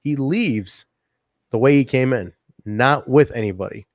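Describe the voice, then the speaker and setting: A man's voice: mid-range voice, unhurried, no echo. A man co-hosting a casual wrestling review show, talking animatedly, laughing often and acting out quotes. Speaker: podcast co-host. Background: live chat audience.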